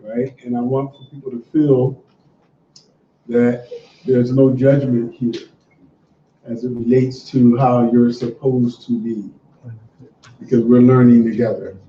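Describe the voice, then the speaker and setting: A man's voice: mid-range voice, unhurried, long pauses, a little hiss or hum. A man leading a religious class, talking in an easygoing, encouraging way before reading a prayer to the group. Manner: relaxed, conversational, encouraging. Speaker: class teacher. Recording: dull, roomy sound from a distant mic.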